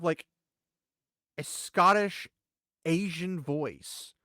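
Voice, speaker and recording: Animated rambling man, dry close sound. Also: a little high, dry recording. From United States. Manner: animated, rambling, swings loud and soft. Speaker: co-host. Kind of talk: casual commentary chat.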